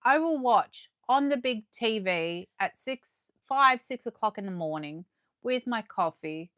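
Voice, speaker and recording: A woman chatting excitedly to viewers as she unboxes collectibles live, her voice going a little hoarse. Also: fairly high pitch, unhurried, no room sound, studio quality. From Australia. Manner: chatty and excitable, gasping and laughing, talking to viewers. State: losing her voice. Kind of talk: casual live unboxing chat.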